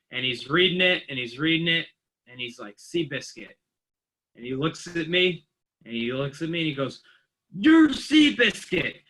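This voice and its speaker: A man's voice: a little high, bright, forceful tone, low-quality recording. A man in his late thirties, a police officer guest on a podcast, telling stories casually and acting out the voices of the people in them. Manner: anecdotal, acts out quoted voices. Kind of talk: casual storytelling.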